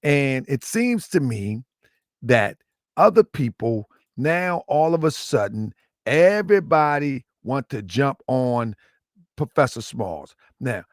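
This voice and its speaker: A slightly hoarse man hosting a livestream, talking casually and muttering asides as he sets things up. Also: medium pitch, sing-song, takes it slowly, no echo, clean studio sound. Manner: chatty, repetitive, muttering asides while setting up. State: slightly hoarse, lost some voice. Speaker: livestream host.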